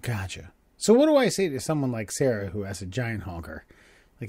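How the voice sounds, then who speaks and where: A man's voice: on the low side, wildly swooping pitch, brisk, darkish tone, no echo. A man co-hosting a podcast who laughs a lot and stammers when he gets flustered. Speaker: podcast co-host. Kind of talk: casual podcast banter.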